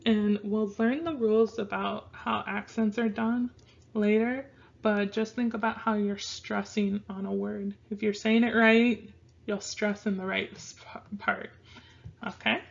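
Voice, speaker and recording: A woman teaching a casual online language lesson, slowly repeating words so learners can practice their pronunciation. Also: mid-range voice, little pitch movement, vocal fry, dull audio. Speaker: Spanish teacher.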